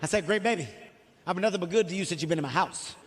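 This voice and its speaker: A man in his forties doing stand-up comedy on a theater stage, telling an animated, profane story and acting out the voices of the people in it. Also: high-pitched, very fast, a little hiss or hum. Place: theater stage before an audience. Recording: live hall reverb, faint ambience.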